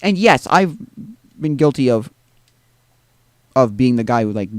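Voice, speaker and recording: A man's voice: mid-range voice, animated, unhurried, no echo. A man streaming a video game live, rambling to himself with tag questions and drifting into exasperated rants. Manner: exasperated ranting. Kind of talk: live gameplay commentary.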